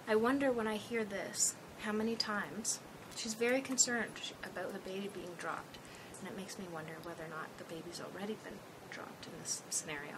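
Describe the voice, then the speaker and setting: A woman's voice: mid-range voice, steady tone, moderate pace, hardly any pauses, background noise. A woman trainer giving a thoughtful, explanatory presentation as she recounts an emergency call.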